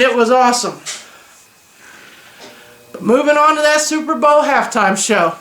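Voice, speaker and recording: A man's voice: very high voice, animated, unhurried, pauses often, pushed and bright, roomy sound. A young man giving opinionated, joking reactions in a casual, slangy vlog. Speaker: vlogger.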